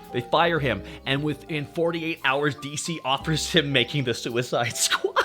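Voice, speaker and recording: A young adult man streaming, ranting casually in a profane, animated way and laughing often. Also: medium pitch, moderate pace, hardly any pauses, faint music behind. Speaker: VTuber streamer. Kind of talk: casual livestream rant.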